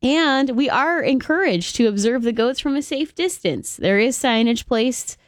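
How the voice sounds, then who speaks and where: A woman's voice: high voice, animated, measured pace, dry recording, clean studio sound. A woman hosting a morning radio show, chatty and bubbly in casual banter.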